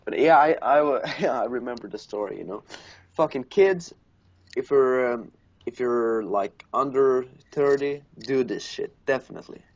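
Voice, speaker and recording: A man's voice: medium pitch, normal speed. A man from Norway, casually telling profane, laughing stories as a podcast co-host. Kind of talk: casual chat. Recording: dull lo-fi recording.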